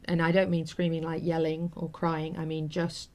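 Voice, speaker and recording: A woman's voice: low voice, monotone, normal speed, a little mellow. A middle-aged woman hosting a talk show, telling an emotional story in an earnest, casual way with many fillers.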